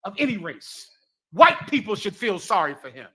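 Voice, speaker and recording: A man's voice: sits high, very animated, moderate pace, bright, forceful tone, husky. Preaching man with biblical phrasing. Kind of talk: sermon-like commentary.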